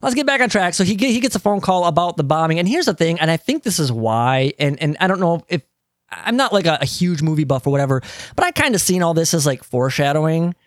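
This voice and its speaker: A man hosting a casual movie discussion podcast, animated and steering the talk back on track, swearing now and then. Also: a little high, fast, no room sound, clean studio sound. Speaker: podcast host.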